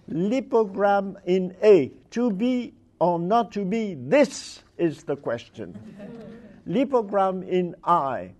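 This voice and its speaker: A man reading examples of literary wordplay aloud to an audience, with a playful and deliberate delivery. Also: high voice, very animated, darkish tone. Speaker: speaker presenting literary wordplay.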